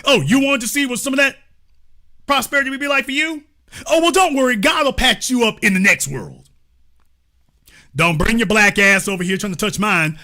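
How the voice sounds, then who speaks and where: A man's voice: very high-pitched, expressive, moderate pace, long pauses, bright, forceful tone, heavily acted. A man putting on the voice of a smug, condescending wealthy man, delivered with mocking, patronizing sarcasm.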